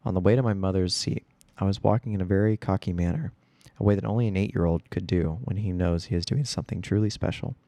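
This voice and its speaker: A man reading a first-person story aloud in a steady, plain storytelling manner. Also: deep voice, quick pace, dry recording. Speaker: reader.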